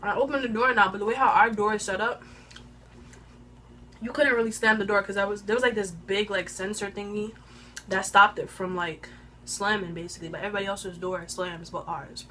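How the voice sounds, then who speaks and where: Bright-voiced young woman telling a story. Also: mid-range voice, a little fast. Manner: animated, slang-heavy retelling; eating while talking. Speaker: vlogger. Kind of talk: casual storytime. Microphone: phone camera.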